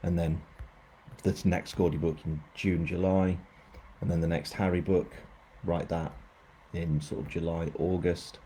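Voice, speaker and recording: A man's voice: deep voice, level tone, unhurried, dark tone, slight background noise. A man, an author chatting casually on a live stream, rambling and poking fun at himself. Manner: rambling, self-mocking.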